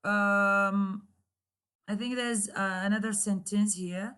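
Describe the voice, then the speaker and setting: A woman's voice: medium pitch, fairly even intonation, takes it slowly, sharp tone, smooth. A woman lecturer whose first language is Arabic, explaining English intonation in a recorded class, repeating herself and using many fillers while acting out example questions.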